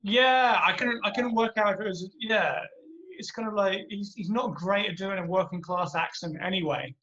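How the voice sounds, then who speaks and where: A man's voice: sits high, moderate pace, bright, forceful tone. A British man co-hosting a comedy podcast, talking films in a hesitant way with many restarts. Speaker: podcast co-host. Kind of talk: casual movie chat. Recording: muffled lo-fi audio.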